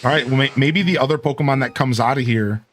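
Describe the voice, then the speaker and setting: A man's voice: mid-range voice, fast, faint music behind. A man casually commentating a game stream, greeting chat and humming along. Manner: laid-back, says dude, greets chat, hums along. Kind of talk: casual let's play commentary.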